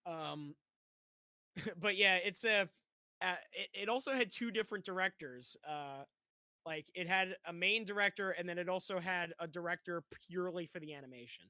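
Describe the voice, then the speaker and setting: A young man co-hosting a podcast, casually sharing movie trivia in a quick, chatty way. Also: high-pitched, pushed and bright, dry recording. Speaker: podcast co-host.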